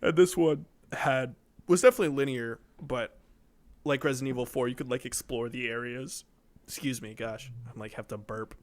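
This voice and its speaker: A man's voice: mid-range voice, steady tone, normal speed. A young man co-hosting a podcast in casual chat, rambling with lots of fillers and cursing. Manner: rambling, lots of fillers, swearing, puts on goofy voices. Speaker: podcast co-host.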